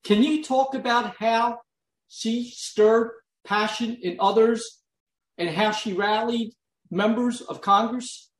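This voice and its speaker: A man's voice: very high voice, steady tone, slow. A man speaking heartfelt, admiring words and putting questions to a guest in an interview. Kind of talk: interview conversation. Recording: roomy echo.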